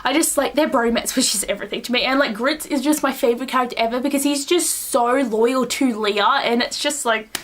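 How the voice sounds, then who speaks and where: A woman's voice: fairly high pitch, brisk, a bit bright. A young woman reviewing a book in a casual vlog, gushing and rambling, with a lot of "like" and acted-out quotes. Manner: gushing, rambling, heavy use of "like", acts out quotes.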